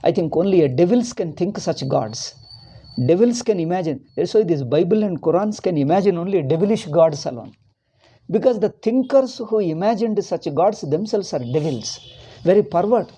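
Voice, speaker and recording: Middle-aged Indian spiritual teacher, warm and husky, preaching with restarts and heat. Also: male voice, high-pitched, lively intonation, normal speed, low-quality recording. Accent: Indian English. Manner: rambling and impassioned, with many restarts. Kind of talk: religious discourse.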